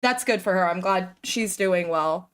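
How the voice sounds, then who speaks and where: A woman's voice: on the low side, measured pace, fairly bright tone, clean tone. A woman hosting reaction commentary, sarcastic and mocking toward the clip she reacts to. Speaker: commentary host.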